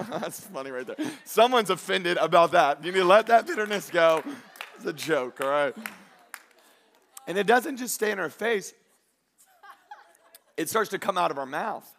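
A male pastor preaching a sermon in an animated, joking way, acting out the voices of people he quotes. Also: fairly high pitch, moderate pace, vocal fry, pauses often, a little hiss or hum.

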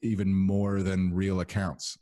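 A young man hosting a podcast, chatting casually in a relaxed, rambling way with lots of fillers. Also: deep voice, unhurried, dry recording. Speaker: podcast host.

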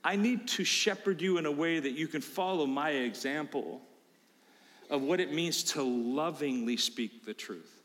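A man preaching a sermon as pastor, emphatic, swinging from low asides to loud preaching. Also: a little slow, big-room sound.

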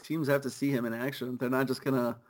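A man's voice: medium pitch, little pitch movement. A young man co-hosting a soccer podcast, chatting casually and riffing with easy laughs. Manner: laid-back, quick riffing with laughs. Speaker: podcast co-host.

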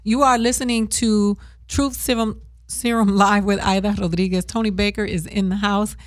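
A woman's voice: medium pitch, normal speed, no echo, studio quality. A woman hosting a live online show, talking casually and laughing often. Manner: lively, talkative, laughing often. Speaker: host.

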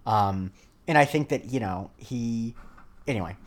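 A young podcast co-host speaks a little slowly in a mid-range voice. He chats casually and rambles, with frequent fillers and restarts.

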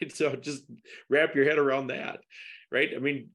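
A man's voice: medium pitch, little pitch movement, measured pace, fairly bright tone. Emphatic middle-aged man in interview. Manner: emphatic, rising to indignant questions. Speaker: podcast guest discussing a lawsuit. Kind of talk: casual interview talk.

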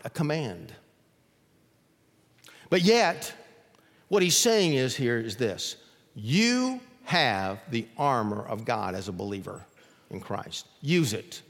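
A man preaching a sermon as pastor, telling stories and acting out the voices of the people in them. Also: mid-range voice. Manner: animated storytelling, acts out quoted voices. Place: church sanctuary. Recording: long reverb of a church hall.

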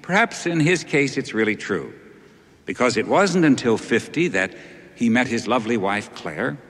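A man playing a minister giving a measured eulogy at a funeral, in a film clip. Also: medium pitch, animated, fairly bright tone. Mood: solemn. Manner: measured, slow oratory. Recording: film clip with long reverb.

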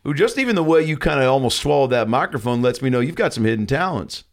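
A man's voice: mid-range voice, expressive, fast, close to an everyday voice. A man playing a brash, crude older male TV doctor hosting a talk show, rambling and leering. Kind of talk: improvised comedy sketch.

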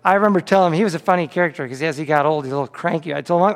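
A man's voice: a little high, rapid-fire, in a large hall. A man pastor delivering a sermon, telling a story with frequent repeated words on restarts.

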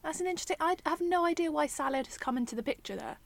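A woman's voice: sits high, very fast, vocal fry, no room sound. A woman hosting a podcast in casual chat, bubbly and playful, laughing often. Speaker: podcast host.

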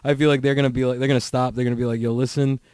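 A man's voice: mid-range voice, flat delivery, rapid-fire, darkish tone, smooth, no room sound. A man hosting a podcast alone, chatting casually in a rambling, profane way full of "like" fillers. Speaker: podcast host. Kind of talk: casual solo podcast chat.

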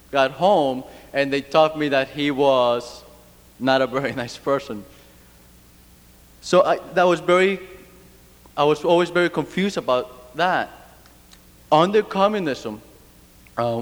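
A man from Cuba giving an earnest, reflective personal talk, with fillers and restarts. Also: mid-range voice. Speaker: speaker. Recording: long reverb of a hall.

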